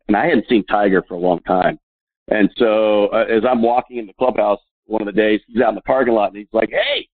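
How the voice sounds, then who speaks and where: A man in his fifties, a golfer, telling chatty anecdotes in an interview, laughing often and filling pauses with "uh". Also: fairly low pitch, no echo. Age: 50s. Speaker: guest, professional golfer. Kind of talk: interview storytelling. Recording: tinny phone line, dry.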